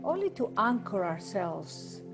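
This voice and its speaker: A woman leading a guided meditation and prayer over a video call, speaking in a slow, soothing way. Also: medium pitch, sing-song, over music. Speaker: workshop leader.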